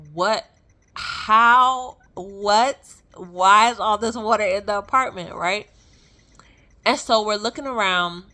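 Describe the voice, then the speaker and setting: A young adult woman telling a personal story in a casual, animated way, full of fillers and laughing as she goes. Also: medium pitch. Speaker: vlogger sharing a testimony.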